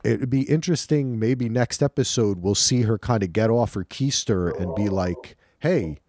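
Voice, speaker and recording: A man co-hosting a podcast in casual chat, talking in a lively, animated way. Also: fairly low pitch, normal speed. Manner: animated, lively storytelling with acted quotes. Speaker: podcast co-host.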